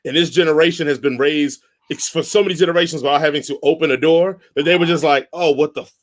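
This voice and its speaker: A man's voice: on the high side, fairly even intonation, fast. Laid-back man hosting a podcast. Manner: laid-back, runs the segments, tells anecdotes. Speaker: podcast host. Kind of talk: casual chat.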